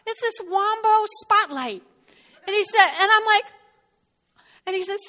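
A middle-aged woman from North Jersey with a New Jersey accent, giving an animated sermon and often checking in with her listeners. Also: very high voice, measured pace, long pauses, long reverb tail. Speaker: speaker. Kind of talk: sermon with personal storytelling.

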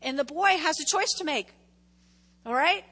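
High, bright woman preaching. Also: moderate pace. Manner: chatty, animated, keeps checking in with the congregation. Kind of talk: casual conversational sermon. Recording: long echoing hall reverb.

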